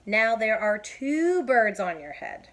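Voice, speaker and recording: A woman voicing a calm, matter-of-fact pig in a storybook, giving plain, simple answers. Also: a little high, takes it slowly, pitched above the performer's own voice, heavily acted.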